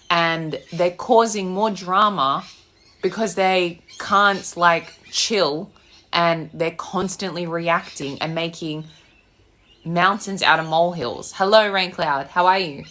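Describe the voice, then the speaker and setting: A woman's voice: lowish voice, a bit bright. A young Australian woman, a manifestation coach, ranting bluntly on a live stream and swearing freely. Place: home with loud birds outside.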